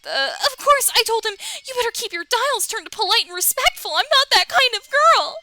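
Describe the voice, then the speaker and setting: A bubbly young best friend from a dating game gushes in a squeaky, breathless rush, voiced by a woman. Her voice shoots very high and bright. She talks in a fast, eager tumble. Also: big pitch swings, no echo, soft background music, heavily acted. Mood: gushing. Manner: shrill, gushing, breathless chatter.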